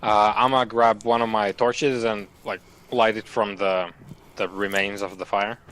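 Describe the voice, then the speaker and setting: A man's voice: on the low side, flat delivery, unhurried, fairly bright tone. A man playing a tabletop game, talking hesitantly with many restarts. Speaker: player. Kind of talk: casual tabletop play.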